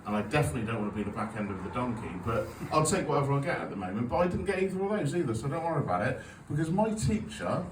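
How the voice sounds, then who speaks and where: A man's voice: medium pitch, lively intonation, very fast, hardly any pauses, slight background noise. A man in his forties doing a stand-up comedy set, telling sweary, self-mocking stories with an audience laughing along. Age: 40s. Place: comedy club stage. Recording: echoey venue, taped from a distance.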